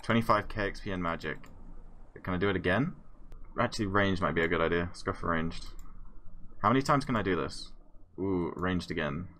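A man giving live gameplay commentary, chatty and excitable, thinking aloud with lots of fillers. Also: low-pitched, a little fast, pauses often, slight background noise. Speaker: gamer.

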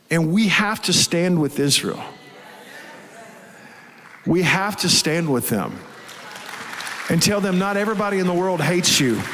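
A man's voice: sits high, pushed and bright, big-room sound, a little hiss or hum. A man preaching a sermon as pastor, telling a story with strong emotion. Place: church hall with live congregation.

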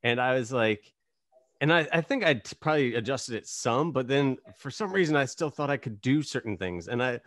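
A man's voice: mid-range voice, animated, a little fast, fairly bright tone, dry recording, studio quality. A man hosting a podcast, chatting casually with an easygoing manner and laughing along with his guest. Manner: easygoing, many fillers and restarts, laughs along. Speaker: podcast host. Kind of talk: casual interview chat.

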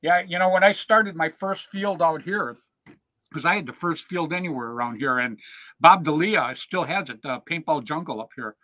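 A man hosting a show, telling casual stories in an animated, chatty way and checking in with "right?" and "man". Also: a little high, moderate pace, no echo. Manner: animated yarn-spinner, peppers lines with "man" and "right?". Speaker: show host. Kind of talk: casual storytelling chat.

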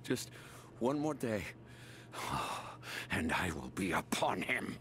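An actor voicing a weary, obsessed soldier reading his journal in a grave, hushed voice in a video game. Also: deep voice, big pitch swings, takes it slowly, a little hiss or hum, heavily acted. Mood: grim, weary.

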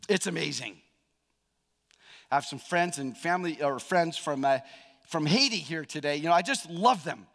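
Guy preaching, kinda high voice, gets loud then goes quiet, big echoey church. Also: moderate pace, vocal fry. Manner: animated, swings from loud emphasis to hushed storytelling. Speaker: pastor. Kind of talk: sermon. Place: church sanctuary. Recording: long reverb of a large hall.

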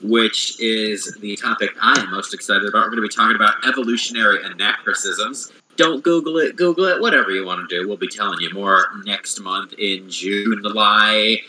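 A man's voice: lowish voice, brisk, few pauses, background noise. A man hosting a podcast, wrapping up the episode in casual chat with jokes and frequent swearing. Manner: profane, jokey wrap-up patter. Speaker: podcast host.

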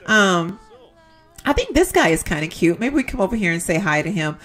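A woman's voice: high voice, very animated, normal speed. A young woman giving casual, chatty commentary as she plays a life-simulation game, talking straight to her viewers and exclaiming at what happens. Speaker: gaming YouTuber. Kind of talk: casual let's-play commentary.

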